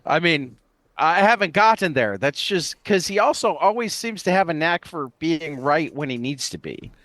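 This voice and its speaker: A man co-hosting a comics podcast in casual chat, relaxed and agreeable, often stumbling over his words. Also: fairly high pitch, moderate pace, dry recording. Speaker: podcast co-host.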